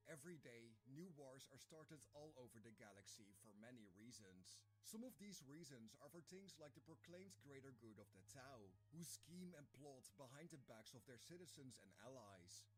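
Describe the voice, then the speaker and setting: A man narrating a lore video in a scripted, documentary way, with a mid-range voice that is neither high nor low. He leans on dramatic rhetorical questions, and soft music plays faintly under him. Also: low-quality recording.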